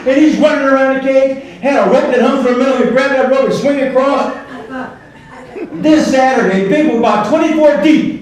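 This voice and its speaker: Very high-voiced man telling a joke. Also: a little fast, darkish tone. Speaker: banquet speaker. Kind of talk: comic storytelling to a banquet crowd. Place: large banquet hall. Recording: echoey hall, mic far off, crowd noise.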